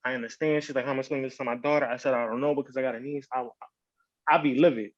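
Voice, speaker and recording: A man's voice: medium pitch, very fast, no echo, dull audio. A man on a podcast telling a story in casual slang, acting out what people said. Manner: animated, slangy storytelling with quoted voices. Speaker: podcast host.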